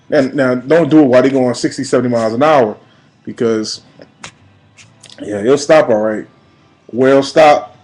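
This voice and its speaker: A man in his late thirties from New York, giving an emphatic, preachy personal video message that swings between quiet and loud. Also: mid-range voice, poor audio. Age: 30s. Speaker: vlogger.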